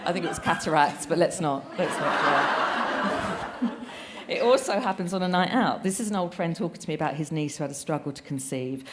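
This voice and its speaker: Holding a handheld mic in an event hall with an audience, a woman delivers comic stand-up style talk, sarcastic and sweary and laughing often. Her voice sits low with lively intonation at a fairly quick pace, and there's slight background noise.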